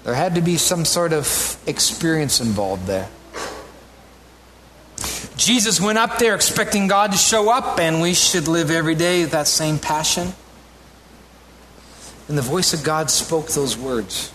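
A man preaching a sermon as a pastor, animated and rising to emphatic peaks, with conversational asides to the congregation. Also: on the high side, a little slow, long pauses, slight background noise.

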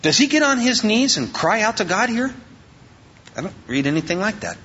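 Lively high-voiced preacher, dull lo-fi recording. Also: male voice, normal speed, slight background noise. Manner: animated and joking, acting out quoted voices. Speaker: pastor. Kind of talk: informal sermon.

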